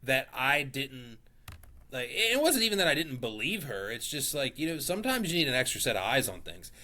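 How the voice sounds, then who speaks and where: A man's voice: medium pitch, sing-song, pushed and bright. Wry storytelling man on a podcast. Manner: wry, drawn-out anecdote telling. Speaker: podcast co-host. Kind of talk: casual storytelling chat.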